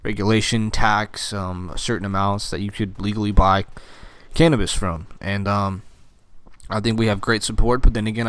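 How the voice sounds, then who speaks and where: A young American vlogger with a lowish, smooth voice rants casually to camera, profane and rambling with lots of fillers. The recording is dry.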